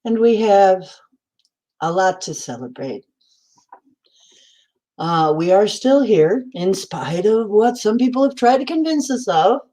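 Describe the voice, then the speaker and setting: Slow-talking mellow woman livestream host. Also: mid-range voice, animated. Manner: chatty, greets viewers by name, laughs often. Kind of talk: casual livestream chat.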